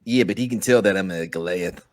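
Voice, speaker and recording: A man's voice: deep voice, a little fast. A man playing a tabletop game, joking around and trying out an accent for his character. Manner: jokey, animated, attempts a put-on accent. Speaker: player. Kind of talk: casual tabletop game play.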